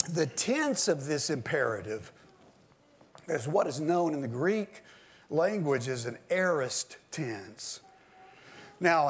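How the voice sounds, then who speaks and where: A man preaching an expository sermon, explaining a text in an emphatic teaching manner and sometimes raising his voice for stress. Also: on the high side.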